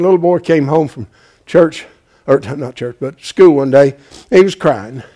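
A man preaching a folksy sermon, calling out to his congregation and swinging from loud to hushed. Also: fairly high pitch, expressive, moderate pace.

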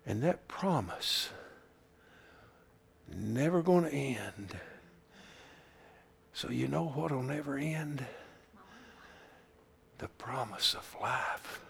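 A man preaching a sermon into a camera, swinging from loud shouting to hushed whispers and repeating phrases for emphasis. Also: medium pitch, drawn-out words, vocal fry, long pauses, a little hiss or hum. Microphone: camera he speaks into.

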